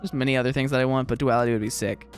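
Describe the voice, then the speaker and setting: A man's voice: mid-range voice, fairly even intonation, very fast, soft background music. A young man giving casual, rambling gameplay commentary, laughing often and poking fun at himself while he tells stories from his teaching day. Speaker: gaming video creator and teacher.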